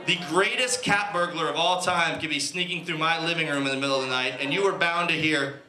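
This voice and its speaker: A stand-up comedian performs his set on a comedy club stage, loud and animated, telling stories with put-on voices. His voice sits on the high side and moves briskly, and the recording is echoey, with crowd noise from the club.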